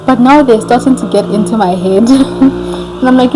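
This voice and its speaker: A young woman vlogger telling a story casually, chatty and animated, acting out what people said. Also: on the high side, moderate pace, slight background noise, rough recording. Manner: animated, chatty, acts out quoted dialogue.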